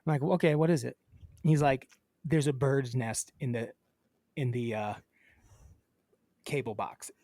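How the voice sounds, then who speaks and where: A man's voice: mid-range voice, steady tone, measured pace, long pauses, warm tone, dry recording, clean studio sound. A man co-hosting a podcast, chatting casually and acting out a phone call as he tells a story. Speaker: podcast co-host. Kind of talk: casual chat.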